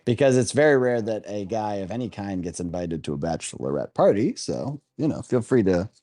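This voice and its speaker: A man's voice: on the low side, expressive, a little fast, warm tone, no echo, studio quality. A man hosting a casual podcast with friends, joking around and swearing freely. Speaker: podcast host. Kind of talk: casual banter among friends.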